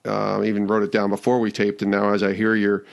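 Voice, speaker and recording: A man hosting an interview, asking long, thoughtful questions gently and pausing to find his words. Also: on the low side, monotone, creaky. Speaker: podcast host.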